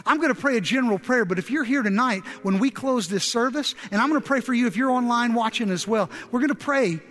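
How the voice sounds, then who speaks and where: A man's voice: extremely high pitch, quick pace, a bit bright. A man preaching a sermon as pastor, telling a folksy story and building to impassioned exhortation. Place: large church sanctuary. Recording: long reverb of a large church.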